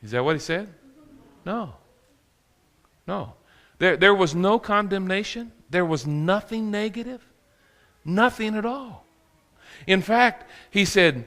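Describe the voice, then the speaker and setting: A man's voice: high-pitched, big pitch swings, a little slow, long pauses, a bit bright, long reverb tail. A man preaching a sermon, telling stories with acted quotes and laughter. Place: church sanctuary.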